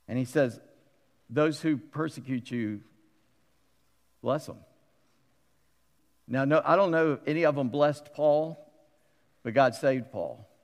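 Gravelly middle-aged pastor in a reverberant hall. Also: male voice, mid-range voice. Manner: conversational and animated, acting out quotes with humorous asides. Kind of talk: sermon. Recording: long reverb of a large hall.

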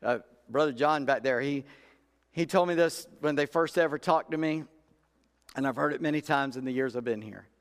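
At a moderate pace and medium pitch, a pastor preaches in a church sanctuary heavy with long hall reverb. He tells stories in a folksy manner, performing the voices of those he quotes.

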